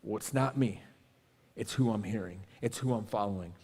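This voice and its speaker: A man preaching a sermon as a pastor, telling a story with animated, acted-out quotes and then praying quietly. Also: fairly low pitch, normal speed, husky, in a large hall.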